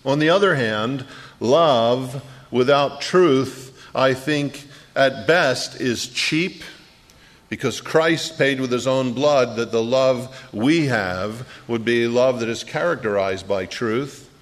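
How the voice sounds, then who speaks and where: A man preaching a sermon as pastor, earnest, slowing down on key phrases and quickening in asides. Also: mid-range voice. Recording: long reverb of a large hall.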